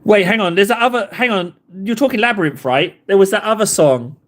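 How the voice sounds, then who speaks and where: A man's voice: high voice, brisk. A man hosting a casual livestream while painting models, playful and joking, laughing often. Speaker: livestream host.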